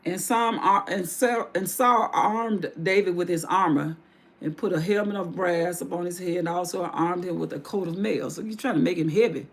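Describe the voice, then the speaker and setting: A woman's voice: on the low side, moderate pace. A woman hosting a livestream, retelling a Bible story in casual everyday speech with asides. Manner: casual vernacular with restarts and asides. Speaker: livestream host.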